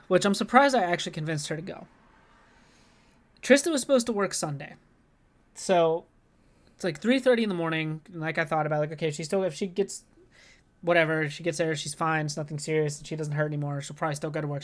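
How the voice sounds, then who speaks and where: A man co-hosting a podcast, telling an anxious story in a rambling, profane way and saying "like" constantly. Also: a little high. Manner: rambling, profane, heavy use of "like"; anxious, worked-up retelling. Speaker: podcast co-host. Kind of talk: casual storytelling.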